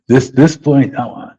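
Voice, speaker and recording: A man's voice: medium pitch, mellow, breathy edge. A man hosting a live webinar as a life coach, giving a motivational talk and tagging his lines with "right?" and "man.". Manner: repetitive, keeps asking "right?" and saying "man". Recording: dull lo-fi audio.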